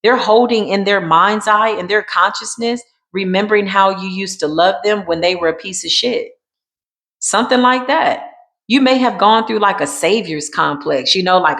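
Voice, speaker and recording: A woman gives an intuitive tarot reading in a loose, chatty way. She repeats phrases for emphasis and calls her listeners y'all. Her voice sits at a middle pitch for a woman. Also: normal speed, fairly bright tone. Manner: emphatic, repetitive, colloquial, addresses viewers as y'all. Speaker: tarot card reader.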